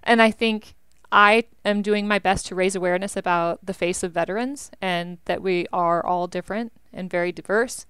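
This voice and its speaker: A young American woman talks as an interview guest, chatty and animated, dropping plenty of "like". Her voice is very clear and smooth. It sits close and dry. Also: medium pitch, moderate pace, few pauses, dry recording. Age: young adult. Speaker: veteran guest. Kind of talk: interview conversation.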